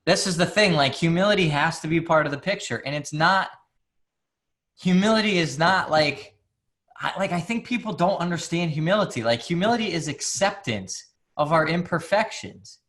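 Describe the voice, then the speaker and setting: Male guest, psychologist; candid, loose conversational delivery, slightly raised pitch. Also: lively intonation, moderate pace, fairly bright tone. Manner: candid, many fillers and restarts. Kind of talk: casual conversation.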